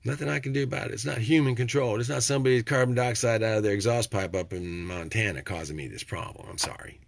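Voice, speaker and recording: An older man from Texas giving a rambling, preachy motivational talk, swinging from low and quiet to loud. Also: fast, gravelly. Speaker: vlogger.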